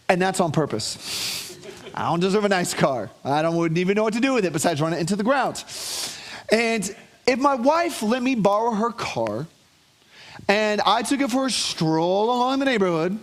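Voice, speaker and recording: A man preaching to his congregation, telling stories with animation and calling for responses from the room. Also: high-pitched. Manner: animated storytelling with call-and-response. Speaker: pastor. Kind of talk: sermon.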